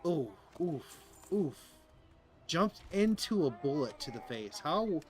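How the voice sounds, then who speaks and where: A man's voice: fairly high pitch, sing-song, slow pace, soft background music. A man giving casual commentary over his gameplay, rambling and joking with lots of filler words. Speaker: gaming streamer.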